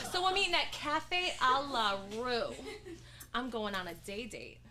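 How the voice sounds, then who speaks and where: A woman's voice: a little high, big pitch swings, slow, pushed and bright, full character voice. An actress performing a stage comedy monologue as a chirpy young woman gushing about a date, giggly and chatty. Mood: bubbly. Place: acting studio stage before an audience. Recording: noticeable background noise.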